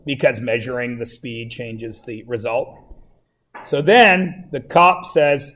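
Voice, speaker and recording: A man's voice: mid-range voice, brisk, fairly bright tone. A man teaching a math class, chatting and teasing his students between explanations in a classroom. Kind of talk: classroom lecture.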